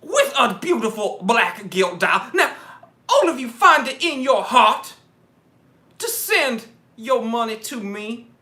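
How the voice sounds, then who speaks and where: A man voicing a pompous male televangelist, preachy and drawn-out as he pleads for donations. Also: very high-pitched, big pitch swings, sharp tone, pitched above the performer's own voice, full character voice. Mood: preachy pleading. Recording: echoey room.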